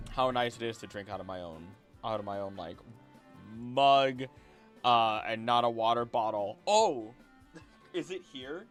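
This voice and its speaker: Brief: young male streamer, mid-pitched, rambling casual chat, frequent laughs, faint music underneath. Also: fairly bright tone. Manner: rambling, chatty, laughs often. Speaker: livestream host. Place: home room.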